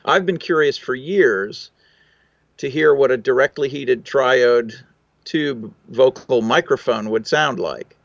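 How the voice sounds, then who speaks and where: A man's voice: mid-range voice, slow, creaky, no room sound, muffled recording. A man, a recording engineer, answering interview questions in a thoughtful, technical way with fillers and restarts.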